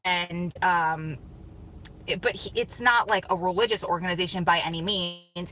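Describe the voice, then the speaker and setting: A woman's voice: mid-range voice, a little hiss or hum, rough recording. A young woman hosting a casual livestream, chatting animatedly, telling stories and reading comments. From United States. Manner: chatty, animated storytelling, laughs often. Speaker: vlog host.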